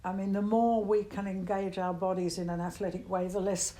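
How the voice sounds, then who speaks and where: An older Australian woman talks through her years of singing and teaching. She speaks with lively energy and now and then jumps her pitch high to show a sound. Her pitch sits mid-range for a woman. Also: a little fast. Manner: animated, demonstrates voices with big pitch jumps. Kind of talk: interview answers.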